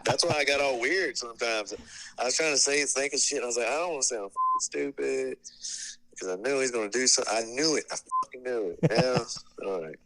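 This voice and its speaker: A man's voice: mid-range voice, a little fast, fairly bright tone, low-quality recording. A man, a podcast guest and former bandmate of the host, chatting on a call, blunt and laughing, with plenty of swearing. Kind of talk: casual phone chat.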